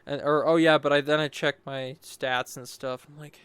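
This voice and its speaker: Chatty young man, smooth dry voice. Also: fairly high pitch, normal speed, no echo. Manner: rambling, restarts often, chatty and animated. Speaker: gameplay commentator. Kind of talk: casual gameplay voice-over commentary.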